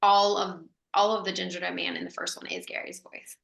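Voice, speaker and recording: Bright, chatty woman in an echoey room. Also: on the low side, fairly even intonation, fairly quick, gravelly. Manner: chatty, lots of "like" fillers, laughs while telling. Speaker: guest actress. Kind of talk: animated anecdote storytelling.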